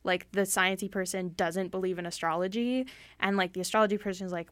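A young woman hosts a relaxed book chat, speaking in a loose, chatty way full of filler words. Her voice sits in a middle register. The sound is dry and close, with no room around it. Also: mid-range voice, fast talker, no echo. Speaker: podcast host. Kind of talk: casual book discussion.

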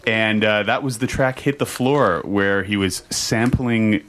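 A man's voice: lowish voice, a little slow, a bit bright. A man co-hosting a radio show in the studio, rambling with fillers and teasing his co-hosts. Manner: rambling, fond of filler words. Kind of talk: casual studio banter.

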